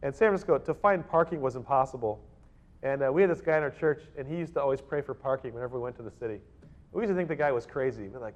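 Animated pastor preaching, dull lo-fi sound. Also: male voice, mid-range voice, quick pace. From Northern California. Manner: animated, acts out little voices in his stories. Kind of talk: sermon.

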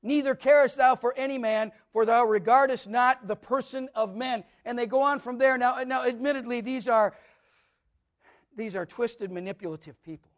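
A man preaching a sermon, emphatic and repetitive, swinging from loud declarations to hushed asides. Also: very high-pitched, moderate pace.

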